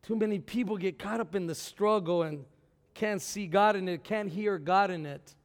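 A man preaching a sermon in a very high voice. He swings from shouted lines down to near-murmured ones and often stumbles into repeated words. His voice carries a long hall reverb from the church. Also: normal speed. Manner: swings from shouting to low, quiet talk; repeats words, stammers on restarts.

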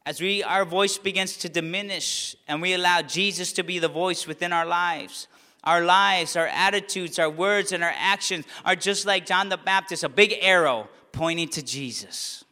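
A man with a high, bright voice preaches a sermon, building to fervent near-shouts on key lines. His words ring out through a church sanctuary with a long, lingering reverb. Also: moderate pace. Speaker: pastor.

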